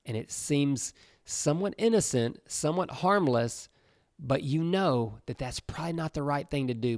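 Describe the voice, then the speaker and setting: Earnest man with a gravelly voice. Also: mid-range voice, no echo, studio quality. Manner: earnest and conversational, with many fillers. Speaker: youth podcast host. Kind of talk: informal youth devotional talk.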